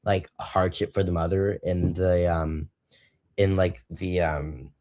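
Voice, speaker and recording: Deep-voiced teen boy hosting a stream. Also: steady tone, a little mellow. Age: teens. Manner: halting, many fillers and restarts. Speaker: debate host. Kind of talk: casual live-stream debate hosting.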